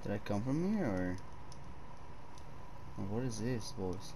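Young man, gaming commentary, swearing, lively pitch, noisy background. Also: slow. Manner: swearing, jumpy, talks to viewers as "boys". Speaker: gaming streamer. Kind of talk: horror game commentary.

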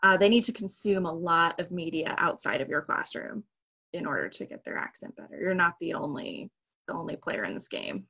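A woman with a slightly low voice talks conversationally about her teaching. Her audio comes through dull and lo-fi. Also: expressive, fairly quick, vocal fry, sharp tone, husky. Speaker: English teacher. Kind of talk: casual panel discussion.

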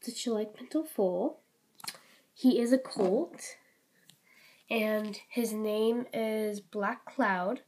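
Slow rambling girl showing toys. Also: mid-range voice, a little mellow. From Canada. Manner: rambling, many ums and likes, apologetic. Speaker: toy collection vlogger. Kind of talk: casual show-and-tell vlog.

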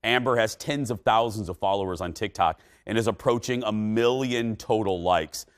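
A man hosting a TV talk show, lively and quick with asides, laughing often. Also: fairly low pitch.

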